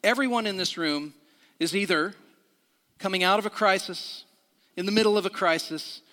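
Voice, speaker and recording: A middle-aged pastor preaches in a church with a high, bright, forceful voice at normal speed, and the sound has a big-room quality. He speaks conversationally, restarting sentences, asking the room questions, and sharing a personal story.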